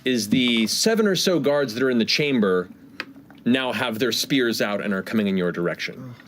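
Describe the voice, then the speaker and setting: A man's voice: medium pitch, lively intonation, moderate pace, a bit bright, a little hiss or hum. A man narrating a tabletop game as game master, describing scenes with many fillers.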